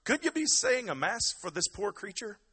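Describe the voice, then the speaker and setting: A man's voice: big pitch swings, normal speed, sharp tone, slightly rough, big-room sound, heavily acted. A man putting on an Irish accent to voice a poor countryman pleading for his dead dog in a sermon joke. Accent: put-on Irish. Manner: pleading, lilting, high-pitched.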